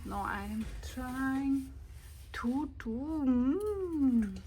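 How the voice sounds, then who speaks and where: High, slow, playful young woman. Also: slight background noise. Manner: playful, exclamatory, soft at times. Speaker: toy channel host. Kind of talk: toy play narration.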